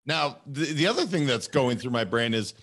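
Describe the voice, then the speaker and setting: A man hosting a podcast, asking questions in a relaxed, conversational way. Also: medium pitch, moderate pace, slightly rough. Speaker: podcast host. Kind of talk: casual interview chat.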